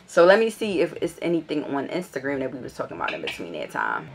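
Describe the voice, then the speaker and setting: A woman's voice: a little fast, few pauses, slight background noise. A young woman telling a casual storytime vlog, blunt and profane as she reads out old messages. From Philadelphia. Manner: blunt and profane, gets animated and higher when annoyed. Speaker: vlogger.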